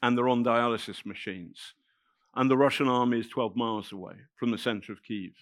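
A middle-aged man, telling a personal story to an audience in a halting, emotional way with many restarts. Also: mid-range voice, no echo, clean studio sound. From England. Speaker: festival speaker telling a story. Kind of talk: spoken anecdote to a live audience.

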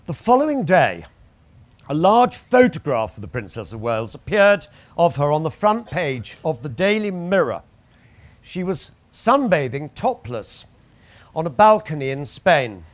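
A man's voice: fairly high pitch, sing-song, measured pace. A man narrating his memoir aloud with wry, anecdotal storytelling. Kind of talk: audiobook memoir reading.

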